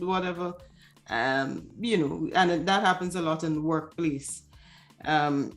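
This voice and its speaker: A woman co-hosting a casual talk show, explaining ideas and acting out quoted remarks. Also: fairly low pitch. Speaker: podcast co-host. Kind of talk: casual conversation.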